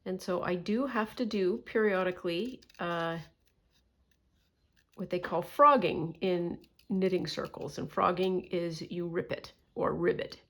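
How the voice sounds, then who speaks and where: A woman's voice: lowish voice, fairly even intonation, a little slow, fairly bright tone. A woman with a Canadian accent talks to her viewers in a loose, rambling way, filling the gaps with little ums and restarts. She comes across as self-deprecating and easygoing while she works on her crafts. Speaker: crafting vlogger. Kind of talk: casual chat while drawing.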